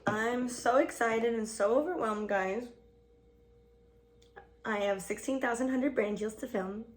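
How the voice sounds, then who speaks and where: A woman's voice: fairly high pitch, background noise. A woman in her twenties vlogging a casual get-ready-with-me chat, rambling and swearing, saying "like" a lot and laughing often.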